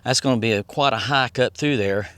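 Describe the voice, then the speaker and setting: A man's voice: medium pitch, fairly quick, sharp tone, no echo. Easygoing man touring outdoors. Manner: easygoing, rambling, reads signs aloud. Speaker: vlogger and tour guide. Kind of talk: casual touring commentary. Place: outdoors at a historic site on a hot day.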